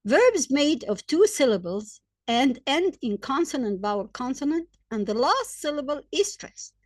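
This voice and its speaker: A woman with Arabic as her first language teaches English grammar at a slow, careful pace. Her fairly high voice rises and falls a lot as she stresses each example and spells out letters. The recording is dry and close. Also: big pitch swings, dry recording. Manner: hesitant fillers between points. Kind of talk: slow, deliberate grammar lesson.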